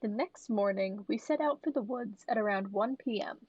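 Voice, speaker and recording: A woman's voice: medium pitch, darkish tone, breathy edge, no echo, dull audio. A woman podcast co-host who jokes playfully and reads a listener story aloud. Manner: playful, quick to joke and laugh. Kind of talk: casual chat and story reading.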